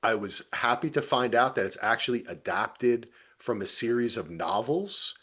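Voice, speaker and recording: Relaxed, enthusiastic male podcast co-host. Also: mid-range voice, normal speed, slightly rough. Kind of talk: casual chat.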